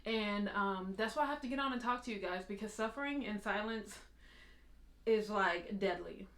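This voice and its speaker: A woman's voice: medium pitch, moderate pace, fairly bright tone. A woman from the United States hosting a confessional vlog, talking candidly and laughing through tired, tearful admissions. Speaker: vlog host. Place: her apartment. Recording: roomy apartment echo.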